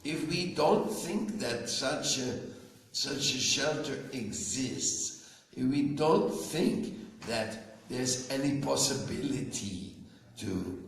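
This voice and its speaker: A man, a spiritual teacher, giving a slow devotional talk to an audience and often asking them questions. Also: mid-range voice, expressive, distant mic, slight background noise. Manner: slow, conversational, asks listeners questions. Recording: very echoey room, faint ambience.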